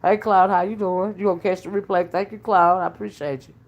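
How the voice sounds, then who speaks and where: A woman with a mid-range voice and steady tone speaks briskly, though the audio's highs are cut off. She runs a casual livestream from home while cooking dinner, reading comments as a self-styled oracle, calling listeners honey and child and thanking viewers by name.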